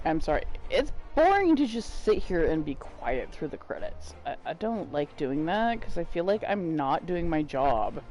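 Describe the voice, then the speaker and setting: A man's voice: on the high side, normal speed, hardly any pauses, faint music behind, low-quality recording. A man streaming a game, chatting casually with viewers; tired and giggly. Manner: giggly, drowsy, animated.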